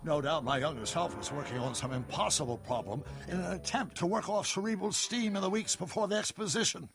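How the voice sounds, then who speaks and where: A man voicing an eccentric, excitable older male inventor in a video game, theatrical and given to sudden outbursts. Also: fairly high pitch, a little fast, natural voice.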